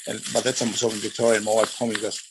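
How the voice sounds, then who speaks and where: A man's voice: on the low side, little pitch movement, very fast, noisy background. A middle-aged Australian man, a retired wrestler, casually telling rambling anecdotes in an interview and acting out the voices of people in his stories.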